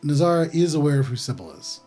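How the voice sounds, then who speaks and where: A man narrating a tabletop game as game master, relaxed and descriptive with frequent pauses. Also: on the high side, faint music behind.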